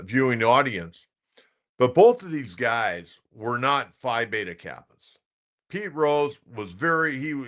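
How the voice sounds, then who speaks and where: Bright-voiced male sports talk host. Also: medium pitch. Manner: rambling, anecdotal, with restarts. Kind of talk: casual storytelling commentary.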